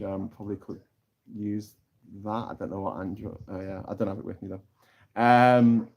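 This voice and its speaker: A middle-aged British man hosting a casual live stream, reading chat comments and making mocking jokes. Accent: British English. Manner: chatty, mocking, jumps into high squeaky voices for caricatures.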